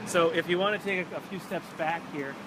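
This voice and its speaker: A man with a fairly high voice tells local history on an outdoor walking tour. He talks in a casual, animated way and acts out the people in his story. Traffic and street noise run clearly behind him. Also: brisk. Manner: animated, chatty, acts out quotes. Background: traffic and city ambience.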